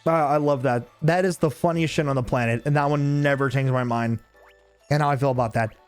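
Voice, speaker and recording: A man with a mid-range voice streams a game at a slightly fast clip over soft background music. He tells stories while playing, swearing heavily, laughing often and venting animatedly in casual commentary.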